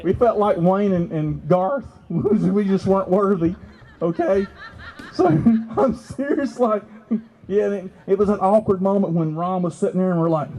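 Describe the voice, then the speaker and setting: A man telling an animated story to an outdoor festival crowd, excitable and laughing. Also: normal speed, poor audio. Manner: excitable, laughing, leaps to high exclamations. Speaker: festival speaker. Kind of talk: animated storytelling to a live audience.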